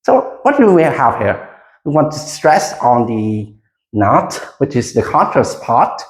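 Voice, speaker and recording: An English teacher giving a classroom micro lesson, speaking slowly and deliberately with frequent hesitations and leading the class in repetition. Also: medium pitch, very animated. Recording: roomy echo.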